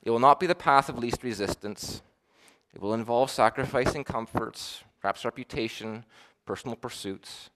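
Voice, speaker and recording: At a normal speed, a male preacher moves between emphatic statements and quiet, subdued lines. Quoted voices get acted out with a climbing pitch.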